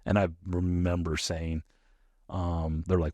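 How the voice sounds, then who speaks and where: A man's voice: low-pitched, a little slow, no room sound, clean studio sound. A middle-aged American man, a former soldier, telling stories casually in an interview and acting out the dialogue. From United States. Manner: animated storyteller, acts out quoted dialogue.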